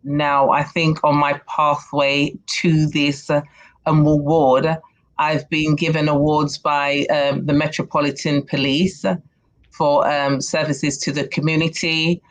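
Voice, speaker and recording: A British woman answering interview questions in a measured, deliberate way. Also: deep voice, level tone, low-quality recording. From United Kingdom. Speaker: interview guest.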